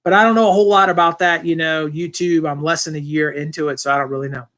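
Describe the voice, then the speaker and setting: A man's voice: a little high, fast. A man with a slightly raised voice talking on his own live stream. He reads comments aloud and chats back loosely, with plenty of ums and false starts. His speech is easygoing and unscripted. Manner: rambling, relaxed, with many fillers and restarts. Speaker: channel host answering live chat. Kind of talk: casual live-stream chat.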